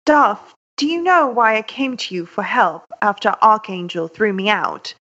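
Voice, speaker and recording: A bright-voiced woman speaks slowly and deliberately as she accuses her mentor of betrayal. The sound is slightly dull and lo-fi. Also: medium pitch, lively intonation. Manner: hurt, accusing, measured.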